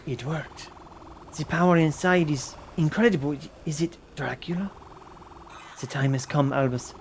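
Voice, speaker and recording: A man's voice: a little high, unhurried, slight background noise. A man voicing a determined young French heroine, reading game lines in a put-on French accent. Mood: solemn.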